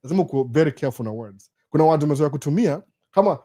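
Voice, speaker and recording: A man with a Kenyan accent hosting a casual live Q&A, talking in a chatty, animated way with jokey asides. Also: medium pitch, fast, no echo, clean studio sound. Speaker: live-stream host. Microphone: studio microphone.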